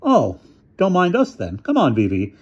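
A man's voice: medium pitch, very animated, moderate pace, darkish tone, breathy edge, highs cut off, voice pushed up. A man reading aloud and voicing a hurt but polite young male student, in a raised, earnest voice.

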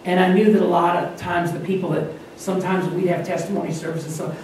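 A man's voice: high-pitched, flat delivery, a little fast, darkish tone, recorded from a distance. A man who is a pastor from Wyoming and North Dakota, giving an informal sermon in a conversational way, often restarting his sentences. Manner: conversational, self-interrupting, acts out quotes. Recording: very echoey room, voice from afar, faint noise.

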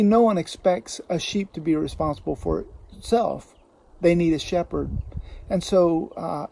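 A male pastor preaching a sermon in a gravelly, mellow voice pitched a little high. He speaks earnestly and slows down to press home the scripture he quotes. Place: church.

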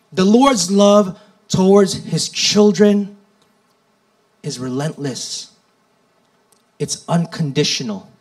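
A man preaching a sermon, reading scripture with slow, deliberate delivery and dramatic rises and drops. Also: a little high, poor audio.

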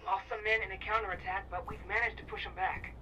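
A field commander in a video game gives a clipped report at a rapid clip. His voice is high and bright, with a faint hiss underneath. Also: steady tone, poor audio. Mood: brisk.

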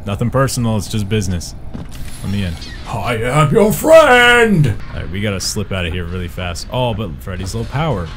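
A young man giving excitable let's-play commentary, swearing and yelling at the game as he plays. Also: low voice, fast, noisy background. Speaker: gaming YouTuber. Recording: game music playing behind.

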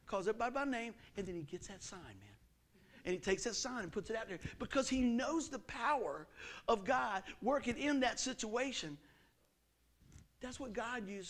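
A middle-aged man preaching a sermon in a folksy, animated way, his pitch and volume jumping often. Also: moderate pace. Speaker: pastor.

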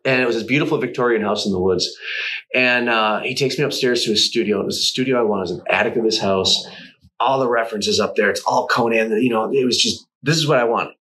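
A man's voice: medium pitch, fast, fairly bright tone, poor audio. A middle-aged man, a guest artist, telling long anecdotes in a casual interview, swearing and laughing often.

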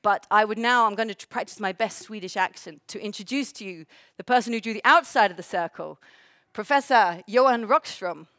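A woman's voice: mid-range voice, quick pace, pushed and bright. A woman with an English accent giving a public lecture on a stage, emphatic and full of rhetorical questions. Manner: emphatic, rhetorical questions, builds to big points. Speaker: economist giving a seminar talk.

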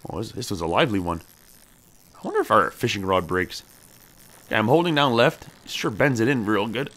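A man giving casual gameplay commentary. His pitch swings widely, jumping up high when the game excites him and dropping low when he mutters to himself. He talks to his character like a buddy. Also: brisk. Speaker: gameplay streamer. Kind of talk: casual let's-play commentary.

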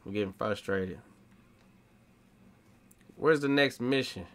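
A man's voice: fairly low pitch, slow. A young adult man giving casual gaming commentary, slangy and talking back to the game's characters. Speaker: gaming streamer.

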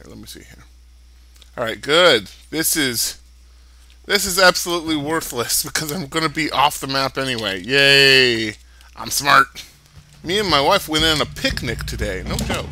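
Over background music, a man chats casually while playing a game for his let's play, rambling and joking at his own expense. He has a medium-pitched, bright voice with a forceful tone.

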